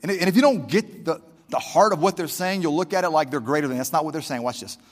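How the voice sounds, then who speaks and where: A man with a high, bright-edged voice, preaching with fervour and speaking straight to his congregation. His words carry a long, ringing hall reverb, as in a church sanctuary. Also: quick pace. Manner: fervent, conversational, talks straight to the congregation. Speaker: pastor. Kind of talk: sermon.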